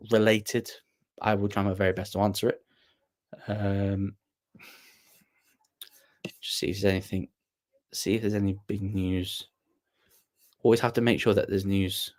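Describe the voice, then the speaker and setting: A man hosting a casual livestream, talking haltingly with many pauses and restarts. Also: on the low side. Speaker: channel host.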